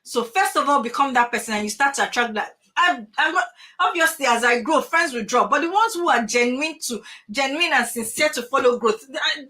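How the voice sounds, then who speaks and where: A middle-aged woman giving an animated motivational talk to parents over a video call, full of emphatic rhetorical questions. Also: high-pitched. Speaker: transformational coach.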